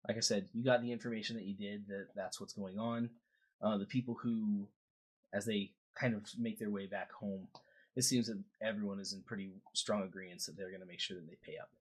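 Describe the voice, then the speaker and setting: A man's voice: fairly low pitch, steady tone, normal speed. A man narrating as game master of a tabletop game, laughing often and rambling loosely.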